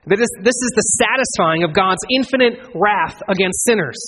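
Earnest preacher in a reverberant hall. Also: male voice, expressive, normal speed, few pauses, a bit bright. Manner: earnest, builds to emphatic swells then drops low. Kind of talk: expository sermon. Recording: long reverb of a large hall.

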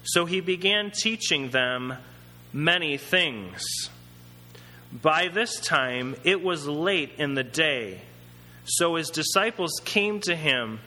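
A male preacher with a bright, forceful voice that leaps up and down in pitch as he retells the story. He talks in an easy conversational way and drops into acted-out voices. A long reverb hangs on his words, as in a big hall. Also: slow. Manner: conversational, animated, acts out characters. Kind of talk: sermon.

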